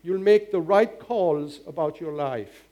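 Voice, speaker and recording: An older male pastor delivers a sermon in a high voice. He is earnest and exhorting, leaning on rhetorical questions. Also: takes it slowly, mellow.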